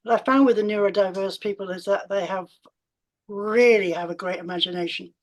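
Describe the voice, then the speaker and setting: Calm woman coach explaining her method. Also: mid-range voice, fairly quick, rough recording. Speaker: mental health coach. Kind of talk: explaining in a panel discussion.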